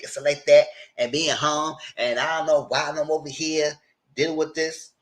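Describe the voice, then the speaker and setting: A man's voice: fairly high pitch, fairly quick, rough recording. Chatty man recapping a reality show. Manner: chatty, animated, retells scenes with quoted voices; informal, conversational phrasing. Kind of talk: casual recap commentary.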